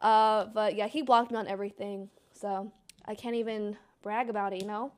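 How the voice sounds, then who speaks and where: A young woman streamer chatting casually, excitable and giggly, swearing freely and bursting into squeals. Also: medium pitch, moderate pace, smooth. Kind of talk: casual livestream chat, reacting to an old clip.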